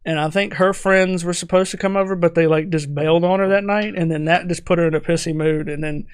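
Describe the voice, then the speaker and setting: Man, higher voice, rambling podcast co-host, swears and laughs a lot, dry recording. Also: fairly even intonation, fast talker, clear, resonant tone, no room sound. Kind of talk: casual chat.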